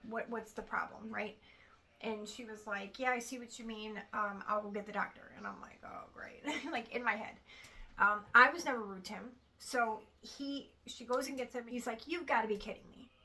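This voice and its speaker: A woman in her thirties recounts a bad experience straight to camera. Her voice sits a little high, with a gravelly fry running through it and a bright, sharp edge. She talks casually and with frustration, quoting the others as she goes. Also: low-quality recording. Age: 30s. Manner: frustrated, retelling with quoted dialogue. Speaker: vlogger. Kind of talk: casual storytime vlog.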